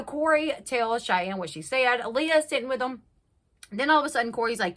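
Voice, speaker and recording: A young woman hosting a casual reality TV recap, chatty and animated, acting out quotes with big jumps in her voice. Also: fairly high pitch, moderate pace. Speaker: YouTube recap host.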